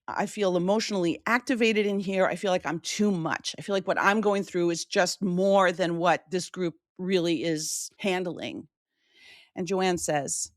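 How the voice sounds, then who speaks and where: A woman hosting a podcast, telling a personal story in an animated way and acting out quoted voices. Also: dry recording, clean studio sound. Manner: animated, shifting pitch widely for quoted voices. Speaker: podcast host.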